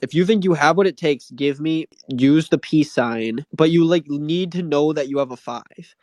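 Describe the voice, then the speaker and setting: A man's voice: a little high, moderate pace, a little mellow, dry recording. A man hosting and judging in casual chat, teasing and comically stern. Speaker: host and judge.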